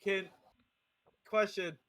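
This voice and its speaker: A young man playing a tabletop game, eager and jokey, asking quick questions. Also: sits high, fairly even intonation, fairly bright tone. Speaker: player.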